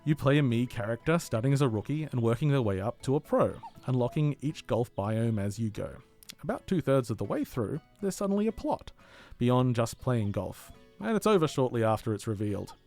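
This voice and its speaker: A man's voice: mid-range voice, sing-song, a little fast, warm tone, soft background music. A man co-hosting a community radio games podcast, who chats eagerly and laughs easily, then reads out a scripted game review. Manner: enthusiastic, chatty, laughs easily. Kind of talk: casual chat, then read-out review.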